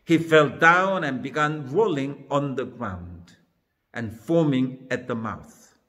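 A man's voice: mid-range voice, bright, forceful tone, long reverb tail. A man serving as minister, reading a Bible passage aloud and then retelling it in a sermon. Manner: slow, careful reading then plain retelling. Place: church.

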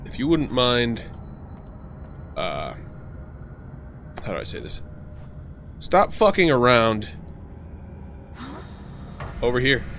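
A man's voice: medium pitch, huge pitch swings, slow pace, long pauses, fairly bright tone, slight background noise. A man casually commenting on a game he plays, joking, swearing and talking to the characters. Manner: chatty, jokey, swearing, talks to game characters. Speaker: gaming channel host. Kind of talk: casual let's play commentary.

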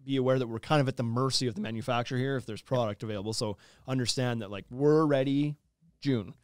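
A man's voice: medium pitch, fairly even intonation, dry recording, clean studio sound. A man co-hosting a podcast, rambling through his points with lots of restarts and filler words. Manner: quick, rambling, many "like"s and restarts. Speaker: podcast co-host. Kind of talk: casual podcast chat.

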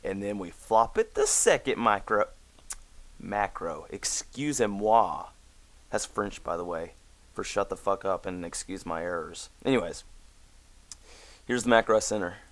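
A man's voice: low voice, moderate pace, pauses often, fairly bright tone. A man hosting a casual gaming video, reading his chat aloud with mock indignation and trailing into mumbles at a desk mic.

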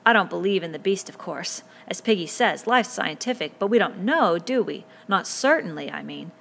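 A woman's voice: fairly low pitch, expressive, normal speed, vocal fry, fairly bright tone, slight background noise. A woman doing Maurice, a rambling schoolboy. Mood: musing. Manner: rambling, trailing off at ends. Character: chatty schoolboy, hesitant then cheerfully doubtful.

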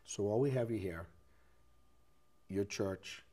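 Male local TV host, lowish voice, friendly interviewer. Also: unhurried, mellow. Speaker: TV show host.

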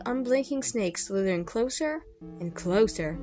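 Expressive woman reading aloud over music. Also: fairly high pitch, moderate pace. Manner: expressive, with small slips and rereads. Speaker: storybook reader. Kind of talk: reading a children's horror book aloud.

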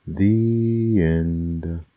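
A man reading fables aloud as an ASMR bedtime storyteller, soft and unhurried. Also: low-pitched, no room sound, highs cut off, faint music behind.

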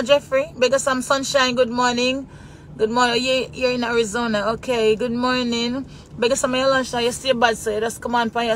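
Jamaican lady live-streaming from the car, greets everybody by name, road noise all around. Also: a little high. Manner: chatty, greets viewers by name, patois phrasing. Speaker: vlogger greeting live viewers. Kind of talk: casual live-stream chat while driving. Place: inside a car in traffic.

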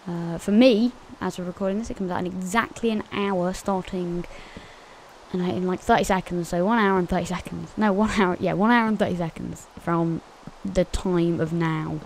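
A woman's voice: on the low side, fairly even intonation, normal speed, slight background noise. A woman hosting a gaming channel, giving casual, chatty gameplay commentary to her viewers and often giggling.

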